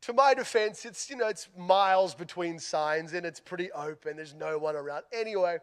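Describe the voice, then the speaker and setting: High-voiced Australian man telling a story. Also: moderate pace, clean tone. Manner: storytelling, self-deprecating humor, animated swings in loudness. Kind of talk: sermon illustration story.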